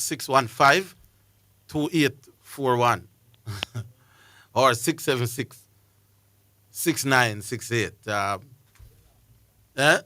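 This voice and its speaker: A man's voice: fairly high pitch, sharp tone, dry recording. A man with a Jamaican accent hosting sports radio, chatty and jokey as he invites callers. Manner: jokey, chatty, reads out phone numbers.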